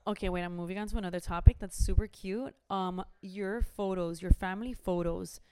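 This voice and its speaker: A woman's voice: mid-range voice, steady tone, brisk, mellow, clear, resonant tone. A young woman, chatting animatedly and dropping in Spanish phrases. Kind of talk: casual chat.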